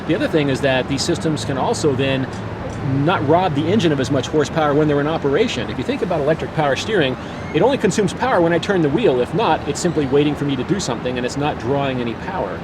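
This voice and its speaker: A man's voice: on the high side, expressive, quick pace. A man speaking for a carmaker, explaining hybrid technical details fluently in an outdoor interview. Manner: fluent, explanatory, with frequent restarts. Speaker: automaker product spokesman. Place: outdoors beside a car on a street. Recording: loud outdoor noise behind the voice.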